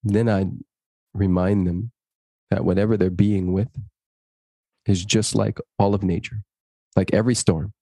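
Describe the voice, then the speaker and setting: A low-voiced man, interviewed as a guest, tells his stories animatedly and acts out the dialogue. He speaks slowly in an earnest, inspiring way, with no room sound in the recording.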